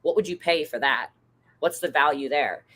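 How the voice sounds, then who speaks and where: A woman in her thirties hosting a casual conversation, telling lively stories and jumping into high-pitched voices when she quotes people. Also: moderate pace, slightly rough. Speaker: host.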